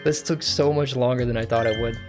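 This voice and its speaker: A young adult man commenting casually on the game he is streaming. He rambles and thinks out loud in a mid-pitched voice, with faint music in the background. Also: fairly even intonation, brisk. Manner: rambling, chatty.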